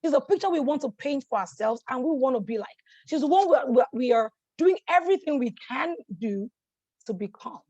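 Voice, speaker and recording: A woman hosting a motivational masterclass, energetic and encouraging, who keeps checking in with her audience and repeats phrases for emphasis. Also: high-pitched, fairly quick, husky, no room sound, lo-fi sound. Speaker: life coach hosting a masterclass. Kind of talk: motivational teaching talk.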